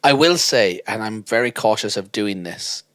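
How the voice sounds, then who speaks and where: Animated man telling stories. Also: on the low side, normal speed, no echo. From Ireland. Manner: animated storyteller, slips into voices. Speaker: podcast co-host. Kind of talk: casual chat.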